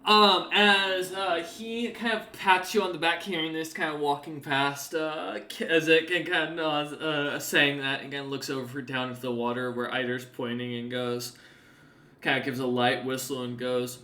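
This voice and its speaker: A man's voice: a little high, level tone, normal speed, pushed and bright, roomy sound. A man narrating a tabletop game as game master, hesitant and full of fillers.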